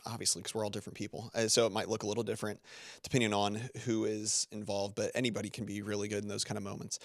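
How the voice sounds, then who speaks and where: A man's voice: fairly low pitch, a bit bright, dry recording, studio quality. Man rambling casually as podcast guest. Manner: rambling, full of filler words and self-corrections. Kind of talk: casual interview talk.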